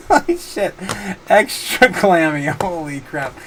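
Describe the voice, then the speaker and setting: Giggly, higher-voiced man hosting a stream. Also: very animated, takes it slowly, fairly bright tone, slight background noise. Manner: giggly, often breaks into helpless laughter; rambling, many fillers and restarts. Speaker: livestream host. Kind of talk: casual livestream chat, reading viewer comments.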